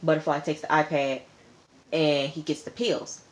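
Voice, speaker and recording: A woman's voice: low-pitched, level tone, normal speed. A woman giving a casual vlog recap of a TV episode, retelling it dramatically and animatedly, repeating phrases for effect. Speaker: TV episode reviewer.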